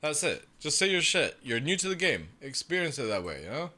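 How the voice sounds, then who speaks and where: A young man rants live on a game stream, cursing freely. His voice sits a little high and sounds bright and forceful, and his pitch leaps all over as he mocks others in quick put-on voices. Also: very animated. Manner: profane, ranting, mocking with quick put-on voices. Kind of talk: casual live-stream rant.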